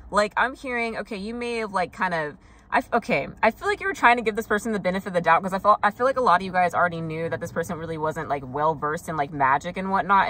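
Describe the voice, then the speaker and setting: A woman's voice: sits low, fairly bright tone. A young woman doing a casual tarot reading, talking loosely with lots of fillers and frank swearing. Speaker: tarot reader.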